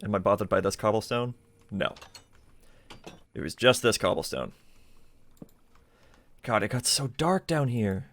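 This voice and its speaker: A man's voice: lowish voice, very animated, unhurried, pauses often, fairly bright tone. A man streaming a game live, thinking aloud in a chatty way with plenty of fillers. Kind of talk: casual live gameplay commentary.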